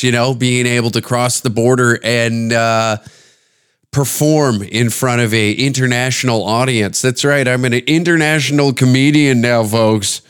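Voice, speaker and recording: A man's voice: mid-range voice, smooth. A man, a podcast host and stand-up comedian, riffing in a profane, rambling, jokey comedic monologue. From Canada.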